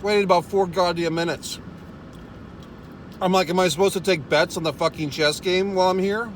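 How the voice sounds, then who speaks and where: In a profane comedic storytelling rant, a vlogger sits in a parked car, exasperated, swearing all the time and laughing at himself. He speaks in a high-pitched, steady tone at normal speed, with slight background noise.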